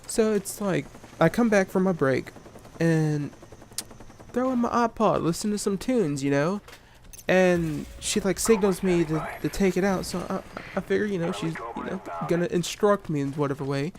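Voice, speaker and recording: Brief: young guy, slightly high voice, venting a work story with cursing and stumbles, game gunfire going off behind. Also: moderate pace, a little hiss or hum. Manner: ranting, profane, lots of restarts and fillers. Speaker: gaming video creator. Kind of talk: casual storytelling over gameplay.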